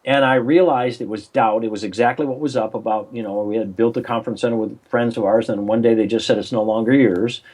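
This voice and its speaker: A man's voice: mid-range voice, steady tone, quick pace, few pauses, a little mellow. An older man, a coach and interview guest, telling a story over a remote call in a rambling way, with many restarts and acted-out phone voices.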